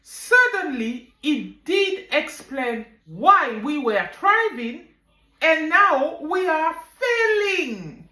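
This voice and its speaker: A woman who runs an online business, telling her own story in a vlog with animated, emphatic delivery. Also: high voice, extremely slow, echoey room, poor audio.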